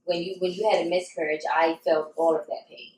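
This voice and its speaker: A woman co-hosting a podcast in casual chat, talking candidly and reflectively at an unhurried pace. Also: fairly low pitch, little pitch movement, darkish tone, slight background noise. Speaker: podcast co-host. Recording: roomy sound, mic at a distance.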